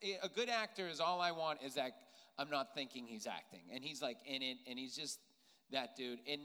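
A man appearing as a guest on a live podcast, speaking haltingly and repeating words as he goes. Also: medium pitch, sharp tone. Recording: reverberant live venue.

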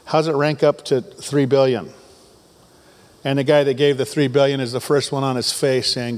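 A man's voice: medium pitch, level tone, normal speed. A man preaching a sermon to his congregation, reading scripture with rising fervor and tossing in joking asides. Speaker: pastor. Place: church sanctuary.

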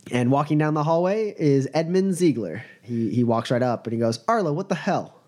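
A man's voice: medium pitch, lively intonation, moderate pace, dark tone. A man narrating as game master, in a loose, rambling way full of fillers. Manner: loose, full of uhs and likes.

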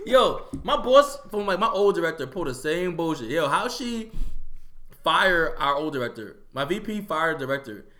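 A man cohosting a casual sports podcast, his voice high and swinging widely in pitch. He roasts athletes crudely and animatedly, laughing between jabs. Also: sing-song, moderate pace, pushed and bright. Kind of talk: casual chat, sports banter.

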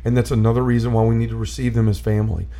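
A man speaks with a gravelly, creaky edge and a dark, mellow tone. He talks earnestly in a relaxed conversation, telling long stories and often stopping to restart his sentences. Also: medium pitch, rapid-fire. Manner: earnest storyteller, restarts and repeats himself. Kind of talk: casual conversation about faith.

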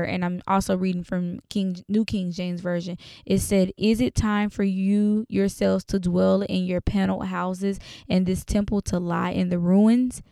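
A woman's voice: medium pitch, vocal fry, warm tone, smooth, dry recording, studio quality. A woman teaching a Bible study in a casual, conversational way, reading verses aloud with frequent fillers. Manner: conversational, many fillers, reads scripture aloud.

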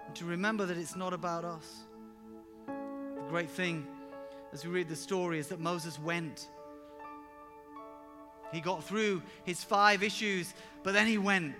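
A man preaching a sermon with personal stories, emphatic and animated, sometimes rising to loud exclamations. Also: high voice, unhurried, pauses often. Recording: reverberant hall with music underneath.

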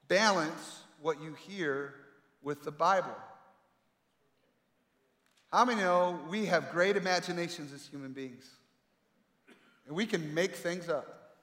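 A man preaching a sermon with emphatic delivery and dramatic pauses, swinging between loud calls and quiet asides. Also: high voice. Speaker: pastor. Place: large echoey hall. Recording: echoey hall with long reverb.

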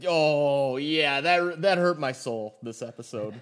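A young man co-hosting a casual podcast, playful and quick to laugh. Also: a little high, clear, resonant tone. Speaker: podcast co-host.

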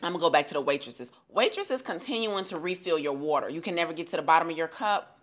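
A woman's voice: sits low, lively intonation, quick pace. A woman co-hosting a podcast, chatting casually and laughing often. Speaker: podcast co-host. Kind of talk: casual chat.

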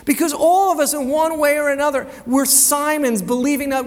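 High-voiced male pastor preaching in a reverberant hall. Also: fairly even intonation, a little fast, hardly any pauses. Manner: conversational, stumbles and repeats words, asks rhetorical questions. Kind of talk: sermon.

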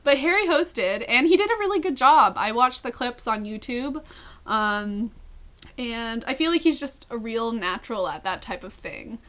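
A young woman co-hosting a casual chat podcast, talking fast and loose with lots of fillers. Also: a little high, animated, a bit bright. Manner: chatty, filler-heavy, lots of "like". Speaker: podcast co-host.

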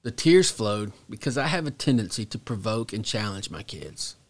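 A middle-aged man, a pastor, teaching on a devotional podcast in a slow, reflective and earnest way, dropping to a soft hush at pauses. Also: fairly low pitch, big pitch swings.

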